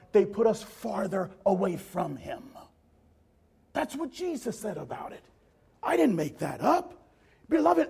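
A male preacher delivers a sermon with a high voice that leaps up and down. He is emphatic and dramatic, and he calls out to his listeners directly. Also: vocal fry, a little mellow, husky.

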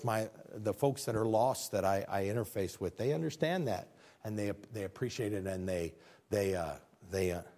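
A man preaching a sermon, acting out everyday scenes with lively voices and dropping low and quiet for his earnest points. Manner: animated, acts out scenes and quotes. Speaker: pastor.

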